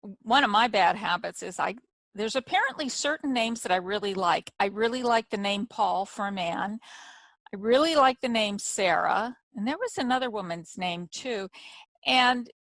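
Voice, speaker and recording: A woman author hosting an interview, telling stories in an animated, chatty way. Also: mid-range voice, normal speed, no room sound. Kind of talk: casual conversational interview.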